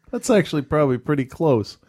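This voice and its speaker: A man co-hosting a casual podcast chat, easygoing and quick to laugh, steering the conversation. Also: fairly high pitch, lively intonation, a little mellow, husky. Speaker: podcast co-host.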